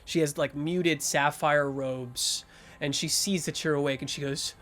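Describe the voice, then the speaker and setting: A man's voice: a little high, fairly even intonation, measured pace, fairly bright tone, soft background music. A man narrating as game master of a tabletop game, improvising with lots of fillers and restarts.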